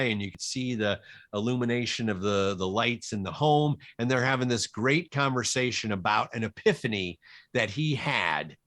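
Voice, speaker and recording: A man, a cinematographer guest in an interview, telling anecdotes from film sets in a relaxed, animated way. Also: on the low side. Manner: animated, quotes people in his stories.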